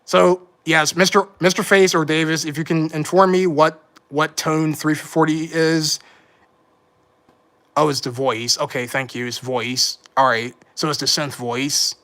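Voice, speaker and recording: A man's voice: a little high, fairly even intonation, unhurried, a bit bright. A man hosting a casual livestream, rambling along and correcting his own slips. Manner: rambling, self-correcting, mild frustration. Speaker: livestream host. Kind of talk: casual live commentary.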